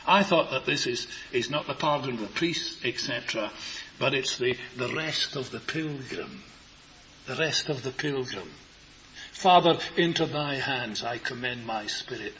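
An older man preaching a sermon, tender and earnest, repeating his phrases and moving between soft words and raised ones. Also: mid-range voice, measured pace. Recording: muffled lo-fi sermon recording with faint hiss.

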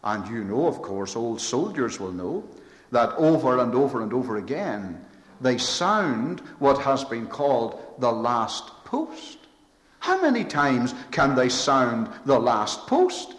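A man's voice: mid-range voice, big pitch swings, unhurried. A man preaching a sermon with emphatic, repetitive phrasing and swelling rhetorical lists. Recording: echoey hall with long reverb.

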